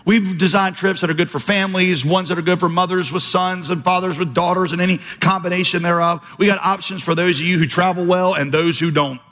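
A man's voice: high-pitched, steady tone, a little fast, hardly any pauses, a bit bright. A man preaching a sermon as pastor, telling stories with quoted voices and emphatic turns. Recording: long hall reverb, slightly husky.

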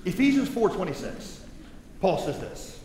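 A man preaching a sermon in a large church, his fairly high voice bouncing around a big reverberant hall. He talks like he's chatting with the congregation, dropping low and then building up loud. A faint noise floor sits under the recording. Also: unhurried. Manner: animated, conversational preaching with big swings in loudness. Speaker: pastor.

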